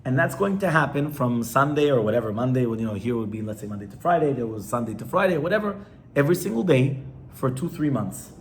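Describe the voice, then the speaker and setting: A man's voice: medium pitch, animated, fast, a little hiss or hum. A man, a rabbi, teaching an informal class to a live audience in a conversational way, often stopping to ask his listeners questions.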